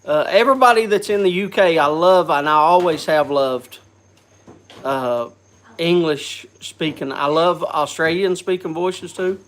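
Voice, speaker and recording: A man's voice: a little high, fairly bright tone. A man hosting a casual live chat, congested from a cold, coughing and often restarting his sentences. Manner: halting, restarts with repeated words. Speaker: host.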